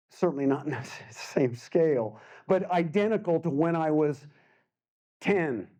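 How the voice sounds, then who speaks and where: A man in his sixties, an artist giving a casual storytelling talk, animated and acting out the voices he quotes, with frequent laughs. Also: on the high side, lo-fi sound. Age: 60s. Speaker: guest artist speaker.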